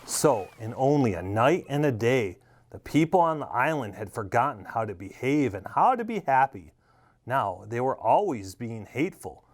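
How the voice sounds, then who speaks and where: A man reading a children's story aloud, animated and expressive. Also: medium pitch.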